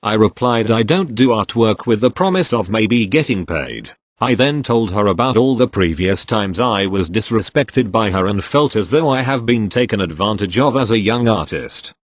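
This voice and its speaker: A man with a fairly low voice reads stories aloud, his pitch moving a lot as he reads. The sound is dry and close to the mic. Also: expressive, normal speed, hardly any pauses, no room sound. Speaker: narrator reading Reddit posts.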